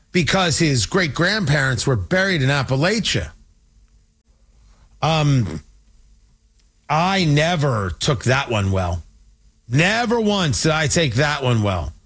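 Animated, lively-pitched man ranting. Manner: animated, sarcastic, doing mocking voices of politicians. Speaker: political commentator. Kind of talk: opinionated political monologue.

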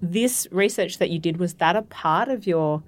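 Curious woman host, lowish voice. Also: normal speed. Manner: curious, asks questions. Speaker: interviewer host. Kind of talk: casual interview.

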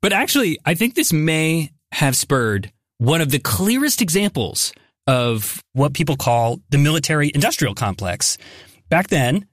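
In a clean, dry studio recording, a man with a fairly high voice hosts a podcast. He tells a scripted story with banter in a curious, conversational way, dropping in casual fillers often.

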